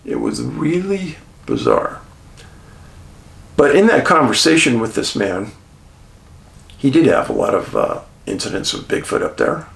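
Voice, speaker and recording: A man with a gravelly, mid-pitched voice relaxes into casual behind-the-scenes storytelling about a documentary shoot. His delivery is animated, full of wide pitch swings, chuckles and dramatic pauses. The room gives his voice a noticeable, roomy echo.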